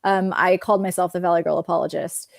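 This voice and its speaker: A woman's voice: on the low side, fairly even intonation, fast, vocal fry, dry recording, studio quality. A woman with a Californian accent, an author guest chatting casually over a video call, laughing often. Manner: chatty, giggly, many fillers. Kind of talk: casual interview chat.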